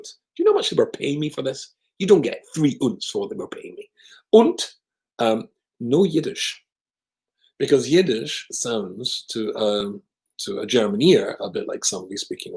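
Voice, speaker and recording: A rabbi telling a humorous story with wry, self-deprecating jokes. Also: male voice, lowish voice, darkish tone, low-quality recording. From Scotland. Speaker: rabbi, guest speaker.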